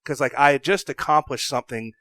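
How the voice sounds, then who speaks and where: A young adult man from the South, a podcast guest telling a story in an animated way. He swings from loud bursts to hushed asides and acts out his own thoughts. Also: medium pitch, fast, no echo. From American South.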